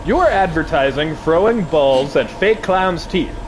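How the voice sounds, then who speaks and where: A streamer gives live gameplay commentary in a fairly high, slightly slow voice. He's excitable and quick to panic, swearing and talking to both his chat and the game's characters.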